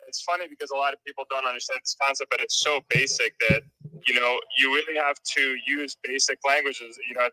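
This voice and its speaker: A male livestream host chats loosely and admiringly. His voice is very sharp and tense, in a mid register. The sound is dry and close. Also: medium pitch, no echo, low-quality recording. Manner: admiring, loose and rambling with fillers. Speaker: show host. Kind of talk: casual livestream talk.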